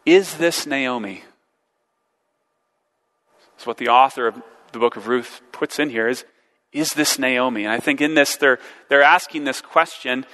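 A man's voice: medium pitch, unhurried, pauses often, pushed and bright, in a large hall. A man preaching a sermon, earnest and searching, posing rhetorical questions and repeating words as he works through a passage.

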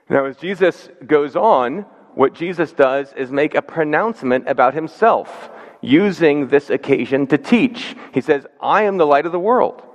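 Earnest male pastor preaching in a reverberant hall. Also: mid-range voice. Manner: earnest, measured preaching with slow emphatic stresses. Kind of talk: sermon. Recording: dull sound with long hall reverb.

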